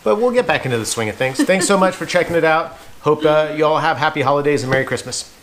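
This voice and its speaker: A man's voice: fairly high pitch, expressive, quick pace, fairly bright tone. A man chatting casually while unboxing dog toys and treats, laughing often and cooing at his dogs. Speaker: co-host of an unboxing channel. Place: home with dogs.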